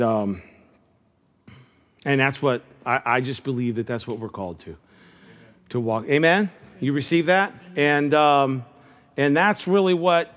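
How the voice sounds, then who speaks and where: A middle-aged pastor with a mid-range, fairly bright voice preaches a sermon in an earnest, conversational style. He frequently restarts his phrases.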